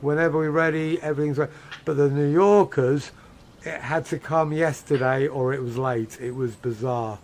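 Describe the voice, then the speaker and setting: A man's voice: a little high, steady tone, moderate pace, darkish tone. An English man streaming a game, chatting with a friend and telling stories about his old job. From England. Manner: chatty, storytelling. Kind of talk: casual gaming chat.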